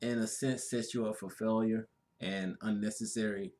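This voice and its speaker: A man co-hosting a casual spiritual talk, speaking in an easygoing, drawn-out way with frequent affirmations. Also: on the low side, fairly even intonation, a little mellow, slight background noise. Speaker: co-host.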